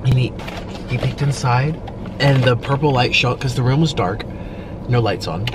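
A man's voice: medium pitch, moderate pace, background noise. A man talking emotionally and at length while eating on camera, rambling and filling his speech with "like". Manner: rambling and emotional, heavy use of "like". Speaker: mukbang video creator.

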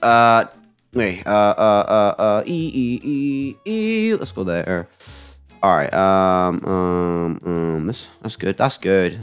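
A man giving excited live gameplay commentary, talking to himself and shouting at his mistakes. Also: medium pitch, gravelly. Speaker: gaming YouTuber.

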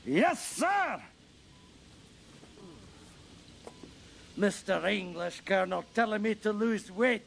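A man's voice: sits high, sing-song, a little slow, gravelly, a bit bright, a little hiss or hum, full character voice. A man doing a comedic impression of an obese, crude, gluttonous Scottish man who bellows and boasts. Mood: defiant.

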